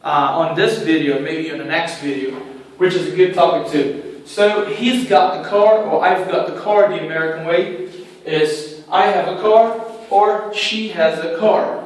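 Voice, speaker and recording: A male English teacher giving a whiteboard grammar lesson, explaining slowly and repeating each point step by step. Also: on the high side. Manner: slow, repetitive, explaining step by step. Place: room with a writing board. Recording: very echoey room, far from mic, faint noise.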